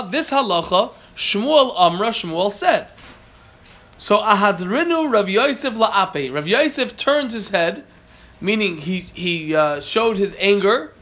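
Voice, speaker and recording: A man with a high, slightly bright voice teaches a Talmud class. He reads Aramaic phrases aloud, explains them in plain terms, and frequently catches and corrects himself.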